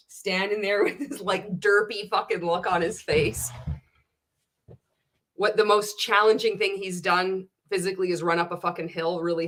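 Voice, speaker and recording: A woman hosting a candid reaction video, reading out viewer comments and giving blunt, sarcastic commentary full of swearing. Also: lowish voice. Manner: animated and indignant.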